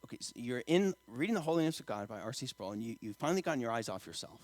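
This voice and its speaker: A male pastor delivering a sermon with a very lively, swinging pitch, climbing into loud emphatic peaks. The sound is close and dry, with no room echo. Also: very fast. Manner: emphatic preaching, getting louder and higher on key lines; drops to quiet storytelling in the anecdote.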